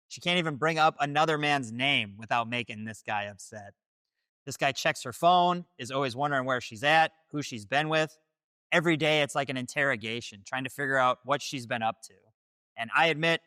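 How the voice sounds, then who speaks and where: A man's voice: medium pitch, moderate pace, bright, forceful tone, smooth, dry recording, studio quality. A man hosting, delivering scripted dating-advice commentary in a direct, declarative way. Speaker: host.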